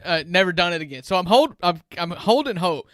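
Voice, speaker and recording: A man, co-hosting a sports podcast and telling stories in an animated way with frequent chuckles. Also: high voice, a little fast, no room sound, studio quality. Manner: animated storyteller, chuckles often. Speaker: sports show co-host. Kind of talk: casual podcast chat.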